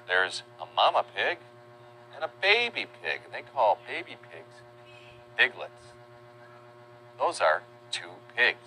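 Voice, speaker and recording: A man slowly teaching young children animal names, patient and sing-song, spelling words letter by letter and imitating animal sounds. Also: mid-range voice, big pitch swings, pushed and bright, a little hiss or hum. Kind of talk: slow, simple teaching narration for young children.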